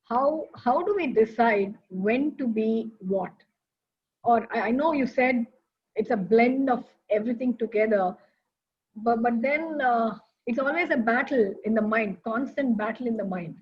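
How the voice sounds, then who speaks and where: A woman's voice: on the high side, a little slow, breathy edge. A woman interviewer asking a question hesitantly, searching for her words, over dull lo-fi audio.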